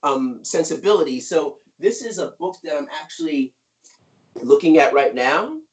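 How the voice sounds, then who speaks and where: A man's voice: fairly high pitch, lively intonation, moderate pace. A middle-aged man, an author and guest, talking energetically and emphatically over a video call, often tagging on "right?". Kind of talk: conversational interview.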